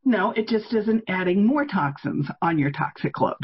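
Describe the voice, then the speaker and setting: A woman's voice: mid-range voice, expressive, normal speed, slightly rough, muffled recording. A woman in her sixties, a guest on an interview podcast, explaining health views in an emphatic, opinionated way. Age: 60s. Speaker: guest, toxin elimination author.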